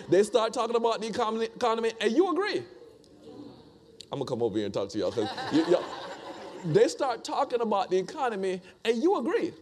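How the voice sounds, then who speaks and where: A man's voice: high-pitched, very animated, quick pace, a little mellow. A man preaching a conversational sermon, repeating phrases and asking the congregation rhetorical questions.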